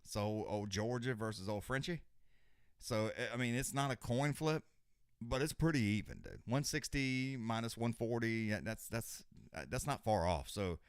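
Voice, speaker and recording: A man's voice: medium pitch, lively intonation, moderate pace, clear, resonant tone, no room sound, studio quality. An older man hosting a live stream, chatting casually in a rambling, profane way with lots of restarts. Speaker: host of a live fight companion stream.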